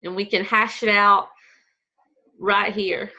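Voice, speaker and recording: A woman's voice: mid-range voice, little pitch movement, slow, pauses often, pushed and bright. A woman, casually hosting a live video call for her team, chatty and laughing easily. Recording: dull lo-fi.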